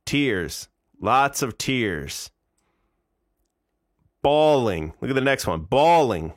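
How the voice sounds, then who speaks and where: A man's voice: mid-range voice, expressive, takes it slowly, fairly bright tone, dry recording, clean studio sound. A man in his forties streaming live, reacting to videos in casual, incredulous, mocking commentary. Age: 40s.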